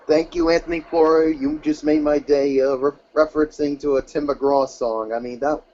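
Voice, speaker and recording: A man's voice: fairly high pitch, steady tone, moderate pace, dark tone, lo-fi sound. A man co-hosting a casual wrestling podcast, easygoing and a little hesitant as he agrees with his partner. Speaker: podcast co-host. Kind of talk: casual wrestling recap chat.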